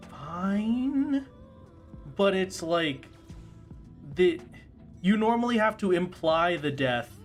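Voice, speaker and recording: A male streamer with a fairly high voice that swings wildly up and down as he reacts to the game. He talks casually and playfully to his chat, squealing and laughing whenever something surprises him. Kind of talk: casual livestream chat while gaming.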